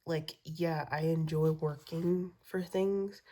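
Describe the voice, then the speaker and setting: A woman's voice: sits low, fairly even intonation, unhurried, dark tone, husky. A woman venting in a rambling vlog rant, swearing a lot, repeating herself and dropping into whispers. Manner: profane, repetitive venting, drops to whispers. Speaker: vlogger.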